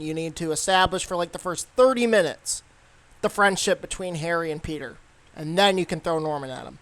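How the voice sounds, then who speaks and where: A man's voice: high-pitched, a bit bright, no room sound. A young man giving a casual, rambling movie review, full of fillers and restarts.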